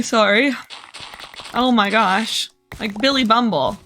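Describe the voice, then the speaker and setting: A woman's voice: on the high side, expressive, a little slow, sharp tone, slight background noise. A woman streamer chatting casually and playfully over her gameplay, teasing herself along the way. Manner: playful, chatty, self-mocking.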